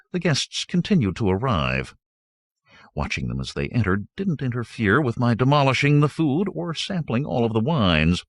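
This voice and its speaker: A man narrating a novel in the first person, with wry, lively storytelling. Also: medium pitch, dry recording, clean studio sound. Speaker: audiobook narrator.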